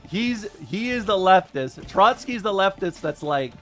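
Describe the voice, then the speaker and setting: A man streaming live, chatting casually and wryly with his viewers, quick to joke and to deny things. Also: sits high, animated, fairly bright tone, soft background music.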